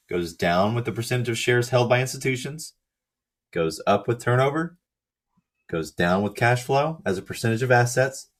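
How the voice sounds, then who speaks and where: A man with a hoarse, fading voice walks methodically through slides of a research paper, reading out lists and figures with brief asides. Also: mid-range voice. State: hoarse, losing his voice. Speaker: channel host explaining research.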